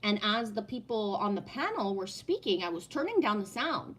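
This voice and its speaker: A woman's voice: mid-range voice, sing-song, normal speed, a bit bright. A woman talking casually on a home live stream, answering chat in a blunt, profane way and often asking "right?". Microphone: no headset, sound heard in the room.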